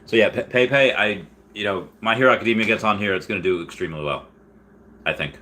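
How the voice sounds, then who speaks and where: A man's voice: lowish voice, fast talker, bright, forceful tone. A man in his thirties hosting a casual livestream, rambling through chat questions with many restarts and fillers. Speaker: livestream host answering chat.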